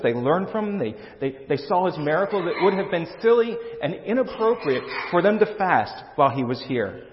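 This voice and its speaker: Pastor, male, earnest emphatic sermon delivery, slightly high voice, dull recording with long hall reverb. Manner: earnest, emphatic preaching with frequent restarts.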